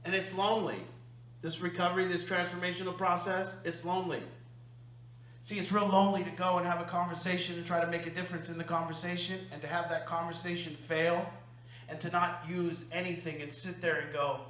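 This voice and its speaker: A man coaching a recovery group, talking emphatically and confessionally, swinging between loud bursts and hushed asides. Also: high-pitched, fairly even intonation, normal speed, echoey room, slight background noise, rough recording. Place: meeting room.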